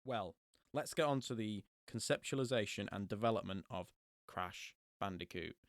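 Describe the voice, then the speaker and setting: Brief: young guy, podcast host, jokey chat, gravelly tone. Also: on the low side, moderate pace, no echo, clean studio sound. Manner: jokey, laughs often, does silly voices. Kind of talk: casual chat.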